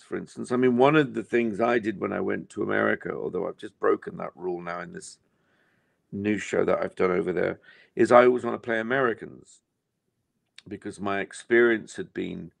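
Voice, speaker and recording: A man's voice: fairly low pitch, normal speed, gravelly, dry recording. An older English man, an actor being interviewed, talking in a reflective, rambling way with many fillers. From England. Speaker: actor guest. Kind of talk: casual interview chat.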